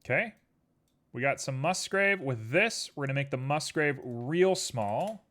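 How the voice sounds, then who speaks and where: A man's voice: mid-range voice, animated, unhurried, fairly bright tone. A man streaming live, chatting casually with his viewers in a playful, joking way while he works. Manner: playful, jokey, rambling asides to chat. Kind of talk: casual chat while working.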